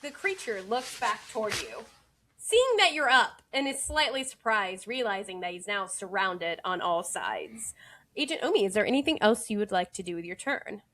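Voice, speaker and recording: A woman's voice: mid-range voice, big pitch swings, normal speed, bright, forceful tone. A woman running a tabletop horror game as game master, describing scenes vividly and making playful rulings on the mechanics.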